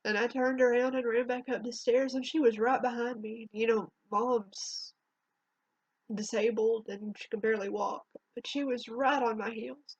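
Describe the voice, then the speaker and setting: A woman telling a painful personal story in a halting, emotional way, her voice trembling near tears, in a dull lo-fi home recording. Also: fairly high pitch, fairly even intonation, darkish tone, breathy edge, no room sound. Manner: halting, emotional, with restarts and long pauses. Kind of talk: personal spoken testimony.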